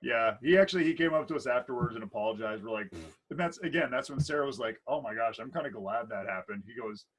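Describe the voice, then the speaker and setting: Husky, playful wedding DJ telling stories. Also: male voice, medium pitch, expressive, fast talker, few pauses, a bit bright, low-quality recording. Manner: playful, rambling storyteller with many restarts. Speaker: wedding DJ and MC, co-host. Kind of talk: casual podcast chat.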